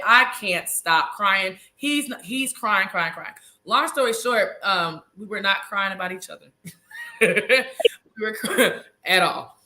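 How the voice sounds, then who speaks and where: A woman in her thirties, bright and forceful in tone, recounting a story with lots of drama and casual asides to her viewers. She talks on a video call with an easy, chatty flow. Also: mid-range voice. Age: 30s. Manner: animated, dramatic, addresses audience as y'all. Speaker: reality show cast member, guest; nurse.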